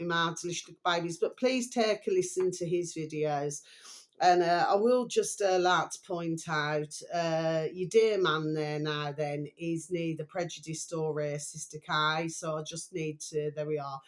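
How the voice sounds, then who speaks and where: A middle-aged woman talking casually to her viewers, drifting from one thought to the next in a loose, rambling flow. Her voice sits a little low for a woman, and she speaks without a script. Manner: rambling, keeps repeating a pet phrase to viewers. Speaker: vlogger. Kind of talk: casual unrehearsed chat to camera.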